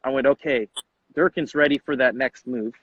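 A man's voice: mid-range voice, normal speed, slightly rough, dry recording. Upbeat slangy man, dull dry sound. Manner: enthusiastic, slangy, acts out quotes. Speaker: coach and podcast host. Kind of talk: casual interview chat.

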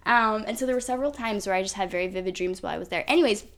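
Racing along in a medium-pitched, fairly bright voice, a woman hosting a podcast tells a personal story. It is casual storytelling, chatty and loaded with "like" and "um."

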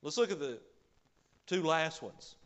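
Male preacher with a fairly high voice. Delivers an emphatic sermon that swings between loud and soft, with frequent hallelujahs. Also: expressive, a little slow, highs cut off. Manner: peppers speech with hallelujah.

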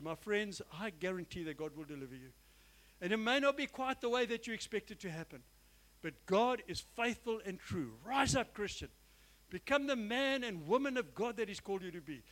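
Man, pastor, sermon, high voice, earnest, emphatic, repeats phrases. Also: animated, brisk, a bit bright, poor audio. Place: church.

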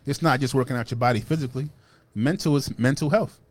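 A man co-hosting a casual podcast who talks fast in a slangy, profane style. His pitch sits in the middle range. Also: no echo. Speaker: podcast co-host. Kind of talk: casual chat.

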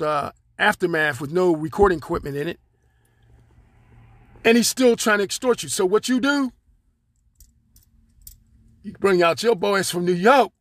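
A Pittsburgh man hosts a solo podcast from his car, his voice sitting high and a little slow, with long pauses and no echo. His talk is rambling, streetwise, and profane, full of fillers.

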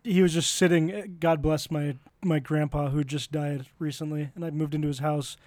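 A man's voice: on the high side, steady tone, moderate pace, darkish tone, dry recording. A young man co-hosting a podcast, telling stories in a laid-back, casual way and swearing freely. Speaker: podcast co-host.

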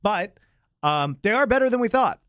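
A man co-hosting an esports podcast, giving measured, thoughtful analysis in a casual tone. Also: sits high, expressive, a bit bright, clear, resonant tone, no room sound, studio quality. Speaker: podcast co-host.

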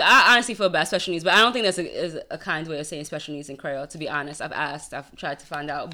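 A woman with a bright, forward voice, co-hosting a casual podcast. She talks expressively and breaks into laughter easily. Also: on the low side. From Haitian family. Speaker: podcast co-host. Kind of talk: casual chat.

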